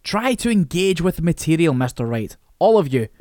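A man voicing a precise, pompous middle-aged male English teacher with crisp, sardonic diction. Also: a little high, big pitch swings, normal speed, a little mellow, no room sound, studio quality.

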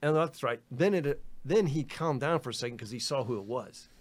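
In a casual podcast chat, a guest storyteller with a medium-pitched, fairly quick voice tells a story full of laughs, swearing, and plenty of "you know" and "dude." He's animated and laughing, acting out other people's lines in raised voices.

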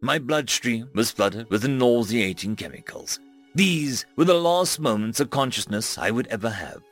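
A man narrating a first-person science-fiction story with dramatic, expressive delivery. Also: medium pitch, moderate pace, soft background music.

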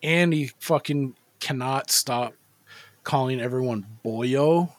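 Co-hosting a movie podcast, this man talks in a mid-range voice at a slow pace. His casual film-review chat rambles along, profane and loaded with fillers.

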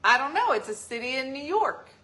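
A woman's voice: high voice, sing-song, brisk, bright, forceful tone. A woman hosting a casual live stream, joking and teasing as she answers viewer comments. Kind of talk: casual chat.

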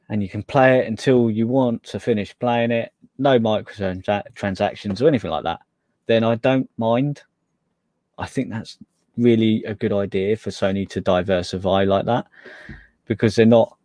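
A man's voice: on the low side, a little mellow, no echo. A man co-hosting a casual gaming podcast, hesitant and correcting himself as he talks. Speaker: podcast co-host. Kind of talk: casual gaming news chat.

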